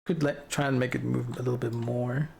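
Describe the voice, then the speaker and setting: Here a young adult livestreamer casually talks with chat while displaying an avatar model, prone to giggles and rambling. The medium-pitched voice has vocal fry and a darkish tone, with fairly even intonation and a slightly fast delivery.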